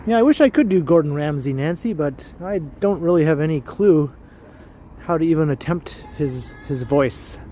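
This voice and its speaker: Walking through downtown with city traffic around him, a man livestreams casual chat with his viewers and laughs often. His voice is on the high side and dark in tone, animated, at a moderate pace.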